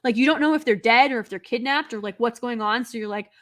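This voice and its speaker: Woman streamer, casual live chat, slightly high voice, rambly, prone to loud outbursts. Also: quick pace. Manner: chatty, many filler words, rambling; bursts into loud, exasperated outbursts. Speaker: livestream host.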